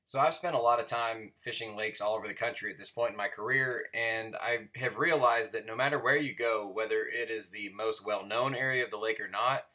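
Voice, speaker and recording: A man who fishes bass tournaments, narrating his fishing vlog in a relaxed, explanatory way. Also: brisk, hardly any pauses. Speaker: tournament bass angler and host.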